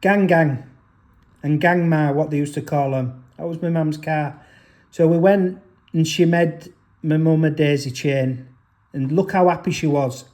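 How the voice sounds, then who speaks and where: Father vlogging, high voice, aggrieved and rambling, keeps restarting sentences. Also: fairly even intonation, unhurried, a little mellow. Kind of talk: emotional personal storytelling.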